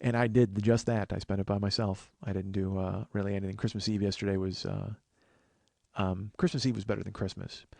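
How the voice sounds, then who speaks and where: A man's voice: fairly low pitch, flat delivery, fairly quick, vocal fry, a little mellow, no echo. Rambling comedic podcast host, man. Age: 40s. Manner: rambling storytelling with restarts. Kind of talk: comedic monologue.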